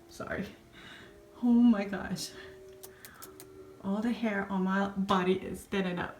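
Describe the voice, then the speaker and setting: A woman filming a casual vlog inside her house, excitable, flustered and a little breathless. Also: medium pitch, takes it slowly, pauses often, faint music behind. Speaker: vlogger. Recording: echoey room with faint background noise.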